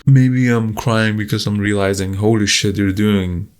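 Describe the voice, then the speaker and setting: A man's voice: on the low side, little pitch movement, measured pace, clear, resonant tone. A man recording a raw video journal, talking candidly and rambling with profanity and self-corrections, close to tears at times. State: tearing up.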